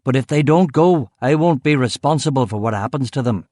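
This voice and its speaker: A man reading a calm, threatening male gang ringleader in an audiobook, blunt and level. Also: mid-range voice, a little fast, dry recording, clean studio sound, lightly acted. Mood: menacing.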